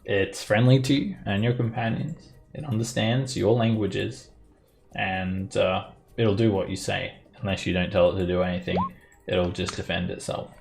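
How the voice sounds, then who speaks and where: A man running a tabletop role-playing game, explaining rules in a relaxed way and chuckling often. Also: lowish voice, normal speed, creaky. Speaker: dungeon master.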